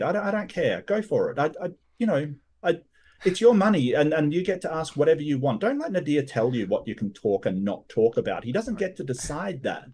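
Animated male debater stumbling over words. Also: high-pitched. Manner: animated, stammering restarts. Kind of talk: debate rebuttal.

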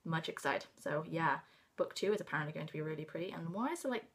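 A young English woman talking through her recent book buys in a loose, casual way. She rambles and trips over her words, gets excitable, and now and then drops into a hushed whisper. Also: on the low side, a little fast, slight background noise. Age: 20s. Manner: rambling, self-interrupting, excitable. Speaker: book vlogger. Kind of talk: casual book haul chat.

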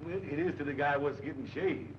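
An actor playing a slow, deadpan roommate who sleepwalks, in a 1940s film comedy. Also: male voice, a little high, close to an everyday voice. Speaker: comic film character. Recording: dull old film soundtrack with faint hiss.

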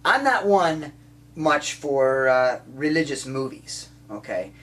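A man's voice: mid-range voice, expressive, slow pace, a bit bright. A man and amateur filmmaker talking casually and enthusiastically about a film he loves, rambling with many restarts. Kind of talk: casual spoken movie recommendation.

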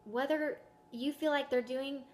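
A woman's voice: high-pitched, steady tone, a little slow, a little mellow. A woman giving a casual sermon as a Bible teacher, talking conversationally and often asking the listener questions.

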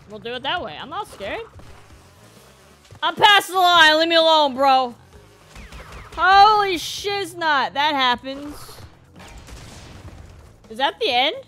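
High-pitched, bright-voiced woman gamer. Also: animated, slow, long pauses, soft background music. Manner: exasperated, exclaiming, says "bro" a lot. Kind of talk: let's-play commentary.

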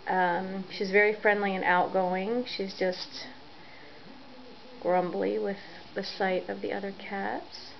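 A woman casually narrating a home video of her pet cat, gentle and chatty, recorded in a room at home on dull, lo-fi audio. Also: medium pitch, flat delivery, takes it slowly, vocal fry, slight background noise. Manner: gentle, chatty, soft laughs.

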